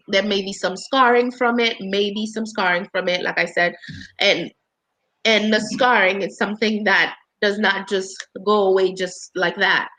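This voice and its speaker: A woman's voice: mid-range voice, fairly bright tone, rough recording. Conversational woman health worker, congested. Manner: conversational, with frequent restarts and fillers. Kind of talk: casual panel discussion.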